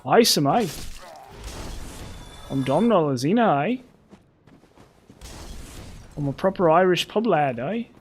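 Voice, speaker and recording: A man's voice: on the high side, lively intonation, slow, long pauses, faint music behind. A man voicing a jolly Irish pub lad in a hammy put-on brogue. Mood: jokey.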